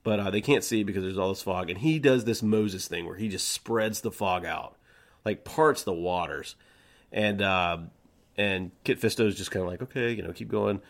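A man's voice: low voice, normal speed. A man co-hosting a podcast in casual chat, rambling with many stammered restarts and easy laughs. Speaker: podcast co-host.

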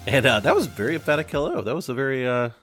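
A man's voice: medium pitch, big pitch swings, very fast, fairly bright tone, faint music behind. A man hosting a podcast in casual chat, rambling and joking, often correcting himself mid-sentence. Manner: rambling, self-correcting, jokey. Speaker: podcast host.

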